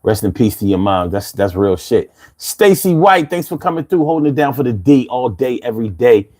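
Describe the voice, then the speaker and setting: Streetwise Philly-accented man in his fifties hosting a live stream, lively swings in pitch, laid-back and quick to laugh. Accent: Philadelphia. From Philadelphia, USA. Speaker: livestream host. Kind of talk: casual live chat reading comments.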